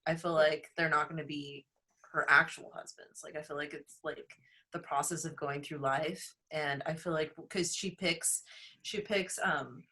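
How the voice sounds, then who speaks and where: A woman's voice: deep voice, steady tone, a little slow, sharp tone. A woman in casual video call chat with her book club, rambling and searching for words.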